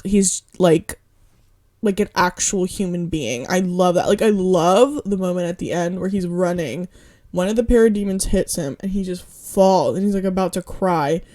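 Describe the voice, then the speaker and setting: A woman's voice: fairly low pitch, darkish tone. A young woman rambling casually in a vlog, filling her talk with "um" and "like" and gushing eagerly about what she loves. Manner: rambling, lots of "um" and "like"; enthusiastic, quick to gush. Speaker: vlogger. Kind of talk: casual movie review ramble.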